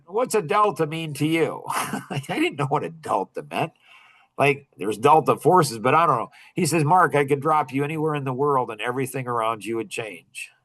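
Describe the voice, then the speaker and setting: A man's voice: medium pitch, fairly bright tone. A man in his sixties telling a personal story in a rambling, self-interrupting way, laughing now and then. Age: 60s. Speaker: podcast guest. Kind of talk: casual storytelling.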